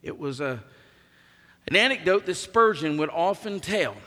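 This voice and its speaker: Bright-voiced preacher in a reverberant hall. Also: male voice, a little high, animated, a little slow. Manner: emphatic preaching with strong swings in volume. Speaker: pastor. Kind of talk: sermon. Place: church sanctuary.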